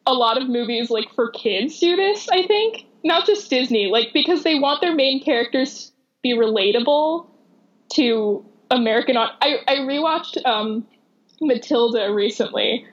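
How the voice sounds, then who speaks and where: A woman's voice: high voice, expressive, normal speed, muffled recording. A woman casually discussing movies, chatty, laughing often and restarting her sentences.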